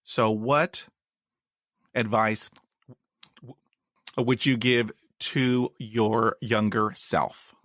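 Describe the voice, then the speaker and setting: A man hosting a podcast interview in a casual chat. He stutters and repeats words, and he breaks into sudden high, excited whoops. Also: very slow, long pauses, no room sound, clean studio sound. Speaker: podcast host. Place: in Texas.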